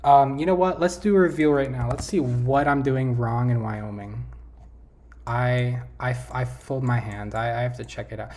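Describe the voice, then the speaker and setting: A vlogger plays a map quiz and muses out loud into a desk mic, letting thoughts trail off and then self-correcting. Their medium-pitched voice is a little mellow and moves at a moderate pace.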